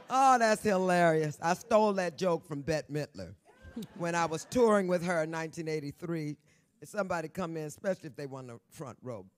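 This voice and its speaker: A woman in her sixties, a guest author telling stories on stage at a live event, brassy, bawdy and loud, laughing often and talking straight to the audience. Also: deep voice. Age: 60s. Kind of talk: storytelling on stage.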